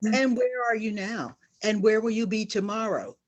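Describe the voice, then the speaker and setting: A middle-aged woman speaks as a nurse guest on a panel, earnest and emphatic. She leans on her key phrases and says them again for weight. Her voice sits at an ordinary middle pitch. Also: moderate pace. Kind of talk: personal testimony in a panel discussion.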